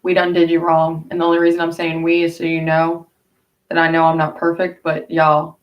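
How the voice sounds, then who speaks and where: A woman's voice: deep voice, completely flat delivery, brisk, distant mic, muffled recording. A woman vlogger, chatting casually on a livestream in a blunt, profane, rambling way.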